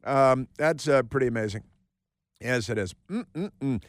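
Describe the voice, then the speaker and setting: A man's voice: mid-range voice, unhurried, dry recording. A man hosting a talk radio show, delivering a mocking, sarcastic monologue with lots of repetition and asides from a studio. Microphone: studio microphone.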